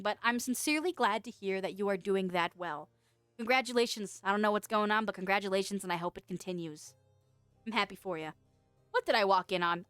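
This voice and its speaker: A woman streaming as a VTuber, chatting casually with viewers, playful and quick to laugh, with casual swearing. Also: mid-range voice, a bit bright, no room sound, studio quality. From United States. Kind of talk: casual chat reading viewer messages.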